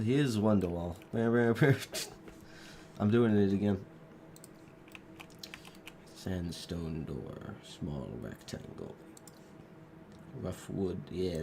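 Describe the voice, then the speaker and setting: A sick young gaming video creator with a cough gives rambling, joking gameplay commentary into a desk microphone, drifting off mid-thought. His voice is deep and gravelly, and the background is noisy.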